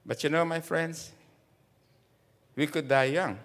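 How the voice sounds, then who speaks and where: A man's voice: on the high side, fairly even intonation, takes it slowly, pauses often, a bit bright. A man in his seventies preaching a sermon to his congregation, emphatic and full of rhetorical questions. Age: 70s. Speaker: pastor.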